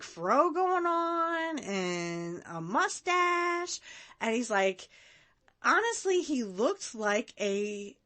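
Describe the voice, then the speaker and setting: A woman's voice: fairly high pitch, fairly bright tone. A woman hosting a casual watch-along podcast, chatty and rambling, often breaking into laughs. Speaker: podcast host.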